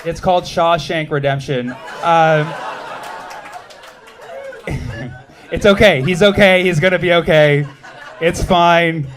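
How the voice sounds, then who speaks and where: A man in his thirties from the United States doing a stand-up set, animated and punchy, with shouted bits and quick asides to the crowd. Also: on the high side, faint music behind. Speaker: stand-up comedian.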